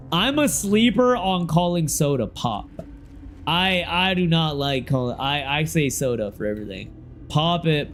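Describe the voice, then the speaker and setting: A young man from Ohio chatting casually on a game stream, loose and slangy, now and then breaking into sudden excited shouts. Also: on the high side.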